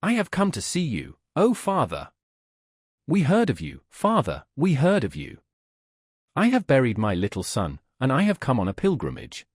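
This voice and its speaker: A man's voice: medium pitch, huge pitch swings, husky, no room sound, studio quality. A man voicing a wailing grieving peasant woman. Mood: pleading. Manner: sing-song wailing lament, slow and pleading. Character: grieving peasant townswoman, middle-aged, lamenting.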